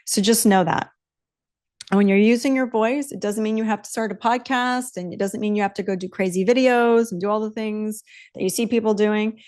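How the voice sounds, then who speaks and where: A woman's voice: medium pitch, a little mellow. A woman in her fifties hosting a solo podcast, talking emphatically and bluntly, swearing freely and repeating her key phrases for punch. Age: 50s. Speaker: podcast host. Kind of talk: solo motivational podcast talk.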